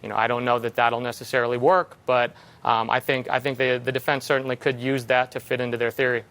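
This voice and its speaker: A male attorney giving legal analysis in a TV studio, measured and full of fillers. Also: medium pitch, flat delivery, fairly bright tone. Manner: measured, many fillers like "you know". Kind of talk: news talk interview.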